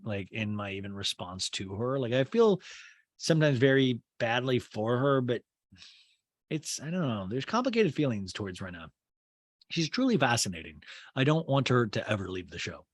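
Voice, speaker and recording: A man hosts a comedy podcast, recapping a reality show in a wry, storytelling manner. His voice sits at a middle pitch but swings with lively, expressive movement. The recording is close and dry, without room echo. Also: moderate pace. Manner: wry, animated storytelling with imitated quotes. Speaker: podcast host.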